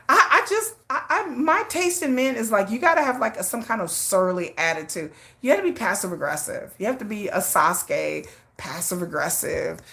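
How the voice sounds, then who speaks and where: Woman, livestream host, casual chat, lively swooping pitch, acts out dialogue. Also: creaky. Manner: animated storytelling, acting out a friend's lines, frequent laughs; reads and answers viewer chat.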